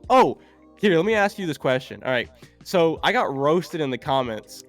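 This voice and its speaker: A man's voice: a little high, big pitch swings, normal speed, soft background music. A man chatting as a guest on a stream, rambling and hesitant with many fillers. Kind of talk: casual podcast chat.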